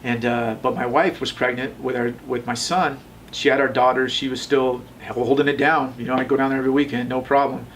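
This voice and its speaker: A man's voice: medium pitch, little pitch movement, brisk, few pauses, fairly bright tone, recorded from a distance, slight background noise. A man in his thirties, a tattoo shop owner, tells his story in a casual interview, rambling and often restarting. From Las Vegas, USA.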